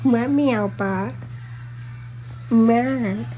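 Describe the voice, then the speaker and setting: A woman's voice: on the high side, very slow, mellow, muffled recording, soft background music. A woman at home talking baby talk to her cats, cooing in a sing-song voice full of pet names. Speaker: cat owner filming her pets. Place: home indoors.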